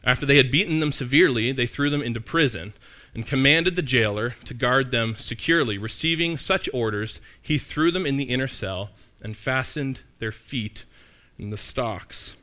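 A pastor delivers a sermon in an animated way, acting out the voices of the people he quotes. His voice is mid-range and his speed is normal.

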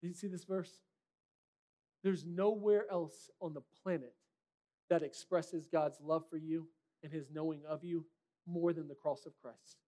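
A man's voice: a little high, steady tone, unhurried, mellow. A man preaching a sermon as a pastor, in a direct, conversational way with rhetorical questions.

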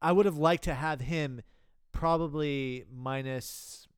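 A man co-hosting a casual movie podcast, chiming in with relaxed short remarks. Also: fairly high pitch, slow pace, smooth, dry recording, clean studio sound. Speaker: podcast co-host.

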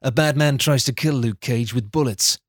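Man, deadpan comic recap, dry flat delivery, mid pitch, close dry sound. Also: normal speed, dry recording. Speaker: podcast co-host. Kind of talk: deadpan comic plot summary.

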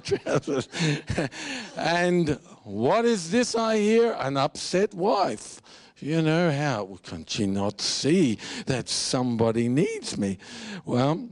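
Casting: male preacher, slow deliberate delivery, dry close sound, earnest and self-deprecating. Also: mid-range voice, darkish tone, no echo. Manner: earnest, confessional, mixes jokes and repetition. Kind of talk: sermon.

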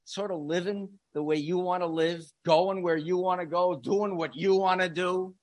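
A male preacher delivering a sermon with a slightly raised pitch. He drops into quiet, searching asides, then rises into loud, emphatic lines. The recording is dry and close, with no room sound. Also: fairly even intonation, moderate pace, few pauses, dry recording. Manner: dynamic, swings between soft musing and loud emphatic lines.

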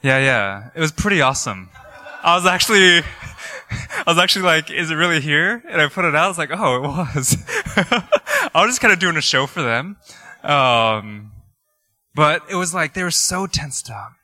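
This man's voice is on the high side and moderately paced as he preaches, weaving personal stories into a conversational, animated sermon peppered with laughs and fillers. He's the pastor, and there's no room sound.

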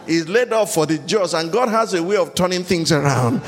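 A man preaching a sermon and telling stories, rising now and then to loud shouted peaks. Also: on the high side, expressive, normal speed, long reverb tail. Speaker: pastor.

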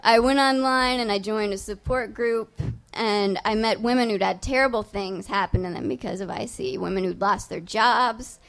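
A woman's voice: medium pitch, moderate pace, a bit bright. A young adult woman telling a personal story live on stage, in a casual, profane, self-mocking way. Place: on stage before a live audience.

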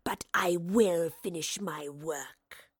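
Snarling wraith, slow and menacing, a woman reading the part. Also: lowish voice, husky, no room sound, clean studio sound.

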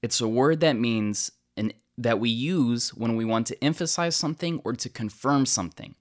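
Man, mid-pitch, earnest church teacher explaining a hymn, slows down on key words. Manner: earnest, with many restarts and slow stresses on key words.

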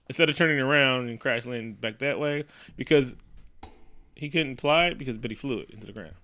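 A man casually recapping a movie with a friend, animated and acting out the characters in quick quoted voices, laughing often. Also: mid-range voice, smooth.

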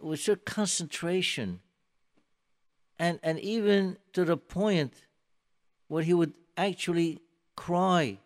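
Emphatic man telling a sermon story. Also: on the high side. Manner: emphatic, many restarts, swings between soft and loud. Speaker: rabbi giving a talk.

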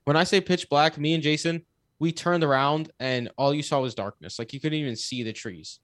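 A young man co-hosting a podcast, telling a story in a casual, animated way, laughing and swearing as he goes. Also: on the high side, a little fast, no room sound, clean studio sound. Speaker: podcast co-host.

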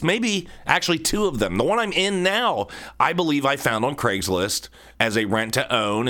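A man's voice: fairly low pitch, sharp tone. A man hosting his own podcast from a home studio office, talking casually with jokey, rambling asides into a studio microphone. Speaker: podcast host. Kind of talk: casual solo podcast monologue. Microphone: studio microphone on a stand.

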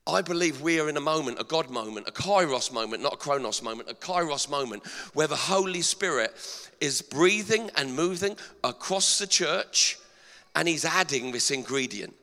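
Bright-voiced preacher man in a reverberant hall. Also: on the high side, normal speed. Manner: energetic preaching with rhetorical questions to the congregation. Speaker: pastor. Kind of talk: sermon.

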